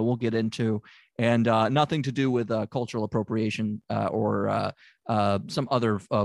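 A man's voice: medium pitch, no echo. A man from Tennessee playing a hapless therapist in an improvised comedy sketch, rambling and hesitant, full of filler words. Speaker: comic playing a fake therapist.

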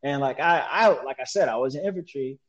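A man telling a story as a guest in an interview, animated and slangy, mimicking sounds as he relives events. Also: medium pitch, a little fast, muffled recording. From United States. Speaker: guest, military veteran.

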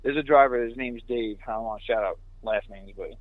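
A man from New York City, a truck driver, telling a story in casual chat with quick laughing asides. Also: mid-range voice. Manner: fast, animated, laughing asides. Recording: dry tinny phone line.

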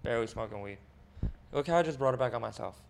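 Guy cohosting a podcast, gravelly voice, rambles and knocks himself down, faint noise behind. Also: medium pitch, lively intonation. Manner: rambling, self-deprecating, halting restarts. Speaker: podcast co-host. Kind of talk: casual chat.

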